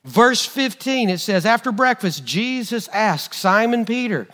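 Brief: male preacher, high and bright voice, lively delivery, animated storytelling sermon. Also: unhurried. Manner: animated storytelling, acting out quotes.

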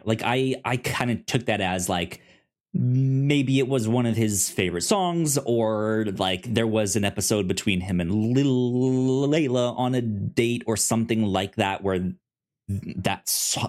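A man co-hosting a podcast, chatting casually in a halting way with many restarts. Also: fairly low pitch, a little mellow. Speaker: podcast co-host. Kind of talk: casual discussion.

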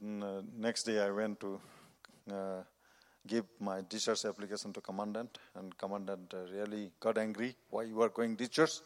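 A man, a missionary preacher, giving his personal testimony in earnest, halting, non-native phrasing. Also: fairly low pitch, little pitch movement. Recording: long reverb of a large hall.

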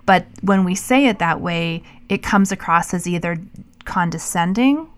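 A woman's voice: fairly low pitch, expressive, moderate pace. A woman co-hosting a podcast, talking in a casual, thoughtful way that often trails off and restarts. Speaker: podcast co-host. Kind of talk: casual conversational podcast chat.

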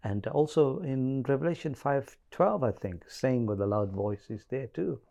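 A man co-hosting a Bible-study chat, measured and pausing with hesitant fillers. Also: medium pitch, expressive, creaky, warm tone. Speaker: co-host.

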